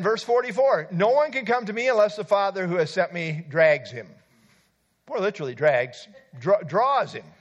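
Lively-pitched man preaching a sermon. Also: dull audio. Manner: lively, conversational preaching with asides. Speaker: pastor.

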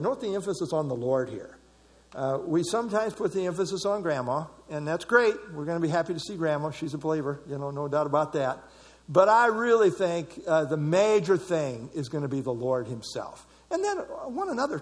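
A man's voice: a little high, a little mellow, in a large hall. A man preaching a sermon in a conversational way, repeating phrases for emphasis. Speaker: pastor.

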